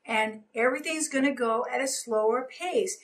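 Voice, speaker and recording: Encouraging woman trainer, higher voice. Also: normal speed, low-quality recording. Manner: coaching, gestures while explaining, many fillers. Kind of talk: recorded training talk.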